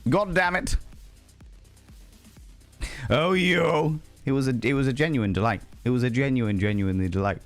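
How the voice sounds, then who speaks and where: Guy streaming, swears a lot, voice jumps up high when he gets worked up, bit of music low behind. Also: brisk, hardly any pauses. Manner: animated, swears freely, jumps to high pitch for emphasis. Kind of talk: casual live-stream chat.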